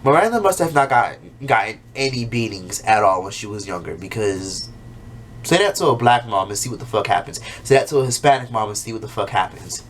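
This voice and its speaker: A man's voice: lowish voice, lively intonation, brisk, a little hiss or hum. A man talking casually as a YouTuber, recapping a TV episode with plenty of swearing and jumping into exaggerated voices for the characters. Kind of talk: casual, profane recap monologue.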